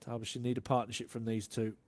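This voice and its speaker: A man giving live cricket commentary and analysis in a relaxed way, warm in praise of good shots. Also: medium pitch, fast.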